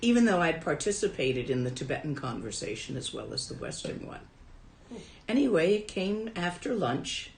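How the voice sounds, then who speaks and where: A woman's voice: low voice, sing-song, moderate pace, echoey room, slight background noise, rough recording. A woman who teaches Buddhism and translates Tibetan, telling a story from her own life in a dharma talk in a casual, wry way.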